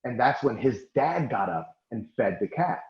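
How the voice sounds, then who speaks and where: A man's voice: medium pitch, very animated, moderate pace. A man in his forties from Oklahoma, hosting a podcast and telling stories in casual chat, swearing freely and laughing as he goes. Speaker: podcast host. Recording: echoey room, dull lo-fi sound.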